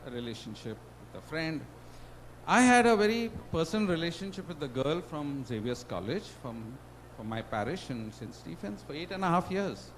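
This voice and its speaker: A middle-aged man with an Indian English accent giving an emotional personal testimony as a guest speaker, with dramatic swings in loudness. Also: a little high, very animated, moderate pace, a little hiss or hum, poor audio. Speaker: guest speaker at a student induction.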